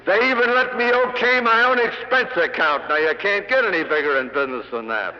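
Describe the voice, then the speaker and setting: A man's voice: sits high, animated, brisk. A middle-aged man giving an after-dinner sales speech to a hall audience, telling anecdotes with punchy, dry humor. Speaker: sales lecturer. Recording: dull 1960 LP of a hall speech.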